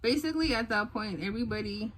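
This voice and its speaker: A young woman vlogger casually telling a personal story, animated, acting out what others said and using lots of fillers. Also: on the high side, quick pace, slight background noise, low-quality recording. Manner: animated, re-enacts others' lines, many fillers.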